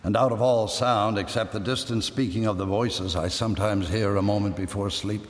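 A man reads a story aloud with a lively, dramatic delivery. His pitch swings widely from phrase to phrase. The sound rings in a roomy space with a long reverb trailing after each line. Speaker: reader. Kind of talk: scripted reading of a story. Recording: echoey room with long reverb.

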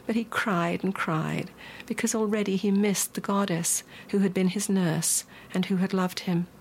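A woman telling a myth in a gentle, expressive, unhurried way. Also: mid-range voice, a little hiss or hum. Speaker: storyteller. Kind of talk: myth storytelling.

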